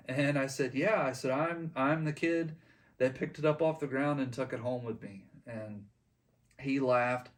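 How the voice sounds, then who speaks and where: A man's voice: medium pitch, a little slow, far from the mic. Rambling man telling a story off-mic. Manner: rambling, with many ums and restarts. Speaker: channel host. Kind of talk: casual storytelling vlog.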